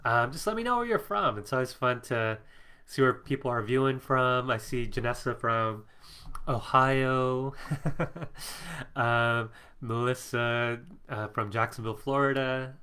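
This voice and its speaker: Middle-aged man, stuffy allergy voice, bright tone, chatty live-stream host reading comments. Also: medium pitch, measured pace, clean tone. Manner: chatty, reads out viewer comments, laughs often. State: congested from allergies. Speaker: psychic coach hosting a live stream. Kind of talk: casual live-stream chat. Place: home office.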